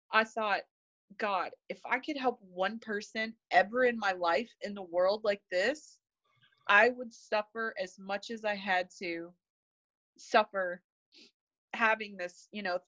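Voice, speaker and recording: A woman's voice: mid-range voice, sharp tone, dry recording, lo-fi sound. A woman guest telling a personal story in conversation, earnest and emotional, hesitant with many fillers and restarts. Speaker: interview guest, spiritual medium.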